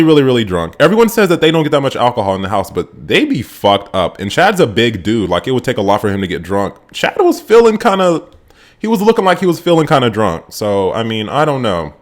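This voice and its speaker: A man casually recapping a reality show episode, sarcastic and animated, swearing freely as his voice jumps up with excitement. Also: on the low side. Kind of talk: casual profane recap commentary.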